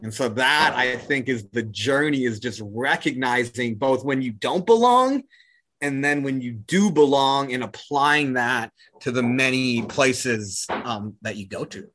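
A man from New Zealand with a New Zealand accent, talking casually as an interview guest, full of "like" and "right?" and quick to laugh. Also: mid-range voice, expressive, a bit bright. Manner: casual, heavy use of "like" and "right?", laughs easily. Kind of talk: reflective conversational interview.

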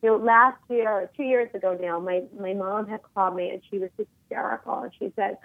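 A woman in her forties, a guest on a phone interview, talking in an emphatic, animated way. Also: mid-range voice, fairly quick, vocal fry, no room sound. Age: 40s. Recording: tinny phone line, dry.

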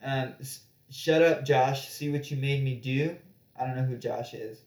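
A man co-hosting a podcast in relaxed, joking chat with many fillers. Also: medium pitch, a little slow, reverberant. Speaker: podcast co-host.

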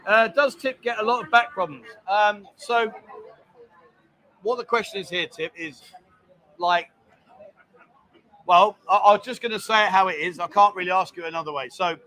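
A man's voice: high voice, normal speed, long pauses, sharp tone. A man hosting a casual livestream from a bar, teasing his guest and reading viewer comments aloud. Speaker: bar show host.

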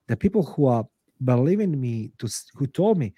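This middle-aged podcast guest and author speaks non-native English with big pitch swings at a normal speed, his medium-pitched voice mellow and slightly rough. The interview talk is earnest, blunt, emotional and full of swearing, captured at studio quality with no room sound.

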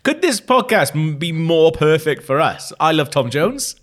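A Welsh man co-hosting a film podcast in easy, chatty banter. He is excitable, laughs often and swears casually, and his voice swings up and down with lively intonation. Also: fairly high pitch, a little slow. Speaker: podcast co-host.

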